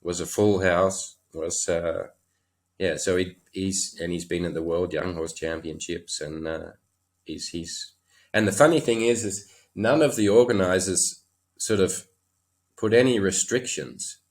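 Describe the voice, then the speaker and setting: A low voice at a slightly slow pace belongs to an Australian man who trains horses and is guesting on a podcast. His storytelling is easygoing and conversational, with chuckles and plenty of fillers.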